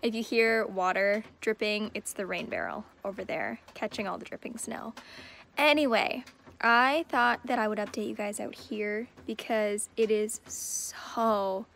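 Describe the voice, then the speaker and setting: A woman's voice: medium pitch, measured pace, gravelly, fairly bright tone, a little hiss or hum. A woman chatting casually into her phone camera for a book vlog while sitting outdoors on a sunny deck. She sounds upbeat and fills her sentences with "like". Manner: chatty and upbeat, with frequent "like" fillers. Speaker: book vlogger.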